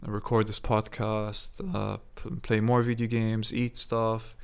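A man's voice: lowish voice, flat delivery, takes it slowly, gravelly, clear, resonant tone. A young man hosting his own podcast, telling a long personal story in a rambling, profane way, full of "like" and "you know". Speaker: podcast host. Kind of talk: casual monologue.

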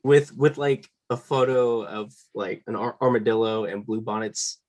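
A man's voice: fairly low pitch, steady tone, normal speed, darkish tone, no echo. A man appearing as a podcast guest, hesitant and dryly self-deprecating in casual chat.

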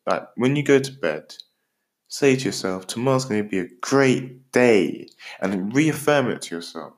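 A man's voice: medium pitch, normal speed. Upbeat British man giving work tips. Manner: animated, jokey, talks straight to the listener. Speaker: motivational podcast host. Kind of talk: upbeat motivational talk.

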